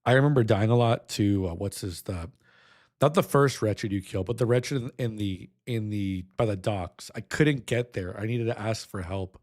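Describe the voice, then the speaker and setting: A man's voice: lowish voice, moderate pace, a little mellow. A young adult man streaming, reacting with emotion, choked up and nostalgic, humming a melody now and then.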